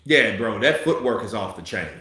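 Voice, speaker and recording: A man giving profane, heated live commentary on a boxing fight, a little tipsy, swinging between muttering and shouting. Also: on the low side, animated, moderate pace, heavy reverb.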